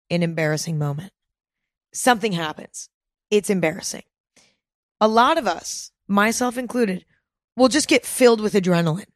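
A woman's voice: mid-range voice, dry recording. Woman giving direct podcast advice, dry sound. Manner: direct, coaching, checks in with listeners. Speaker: podcast host. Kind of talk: self-help podcast monologue.

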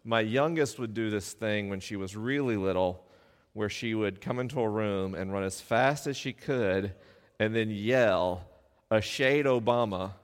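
A middle-aged man, the show's host, telling wry, self-deprecating stories to a live audience from a stage, with quick asides. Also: on the low side. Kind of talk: live stage talk, conversational storytelling. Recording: long hall reverb from a live venue.

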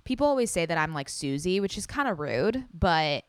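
A young woman hosting a solo podcast, chatting excitedly and gushing, with casual swearing. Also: fairly low pitch, a little fast, clean tone, no room sound. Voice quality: loud. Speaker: podcast host.

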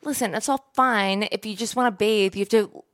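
A woman co-hosting a podcast in casual chat, blunt and quick to swear. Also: mid-range voice, steady tone. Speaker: podcast co-host.

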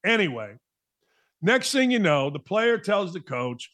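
A man's voice: high voice, big pitch swings, a little slow, fairly bright tone. A middle-aged man hosting a sports talk show, delivering a blunt, emphatic monologue with a mocking edge.

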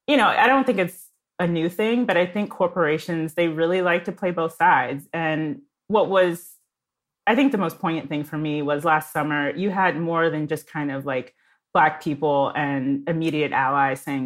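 A woman's voice: deep voice, a bit bright. A woman speaking as a podcast guest, thoughtful and conversational, laying out her views. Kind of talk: casual chat.

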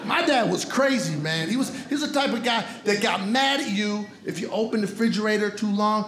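High, animated Brooklyn comic on stage. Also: male voice, a little fast, hardly any pauses. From Brooklyn, New York. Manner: streetwise, punchy, shouting into put-on voices. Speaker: stand-up comedian. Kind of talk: stand-up comedy set. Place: comedy club stage. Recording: roomy live club recording with noise.

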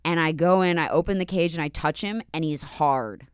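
A young woman hosting a podcast, telling a story in an animated way with frequent laughter. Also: sits low, moderate pace, clear, resonant tone, no echo, clean studio sound. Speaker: podcast host. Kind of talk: casual chat, storytelling.

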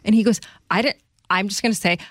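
A woman's voice: mid-range voice, fast talker, dry recording, clean studio sound. A middle-aged woman hosting a podcast, telling stories in casual chat and laughing often. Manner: chatty storyteller, laughs often. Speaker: podcast host.

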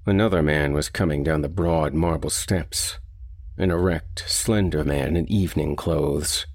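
A man reading a short story aloud in a steady, deliberate audiobook narration. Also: extremely low pitch.

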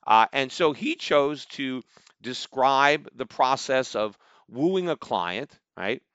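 A man hosts his own podcast, delivering opinionated commentary with a forceful, pointed edge. He is animated and mocking, and his voice climbs high when he gets worked up. The sound is dry and close, a little dull. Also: dry recording. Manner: animated, mocking, rising to near-shouts when quoting critics. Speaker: podcast host.

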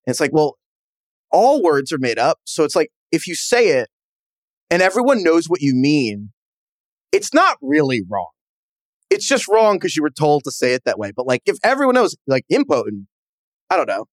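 A man's voice: fairly high pitch, normal speed, dry recording. Man, podcast co-host, casual joking banter, dry close sound. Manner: animated, joking, runs the sign-off.

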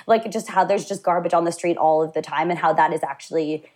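A young woman from New York, co-hosting a casual podcast chat, animated and full of fillers and laughter. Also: on the low side, fast. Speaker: podcast co-host.

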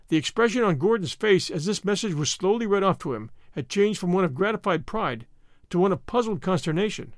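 Male audiobook narrator, expressive, animated range. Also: sits high, a little fast, no echo, clean studio sound.

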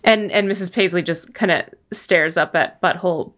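A woman's voice: lowish voice, normal speed, a bit bright. A woman playing in a tabletop game podcast, casually describing her character's actions with some hesitation. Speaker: player.

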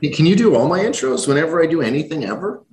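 A man's voice: a little high, animated, fast, a little mellow, roomy sound, slight background noise. A man from Ireland with a faint Irish accent, a company head being interviewed. He talks in an easygoing, friendly way, with frequent restarts. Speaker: company CEO, guest. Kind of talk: casual interview chat.

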